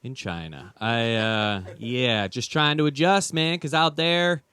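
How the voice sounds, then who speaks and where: A man's voice: medium pitch, measured pace, pushed and bright. A man doing a rambling, self-deprecating stand-up comedy set. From United States.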